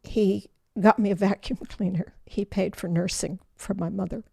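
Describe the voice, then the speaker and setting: Older woman, gravelly voice, animated storyteller, dry close sound. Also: mid-range voice, normal speed, dry recording. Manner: animated storyteller who acts out quoted voices. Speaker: guest. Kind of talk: personal storytelling interview.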